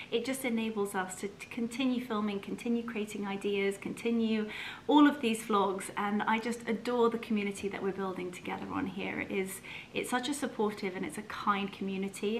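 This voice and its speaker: A woman vlogging, chatting warmly and gushingly to her viewers and her dogs. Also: medium pitch, a little hiss or hum. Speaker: lifestyle vlogger. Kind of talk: casual vlog chat to camera.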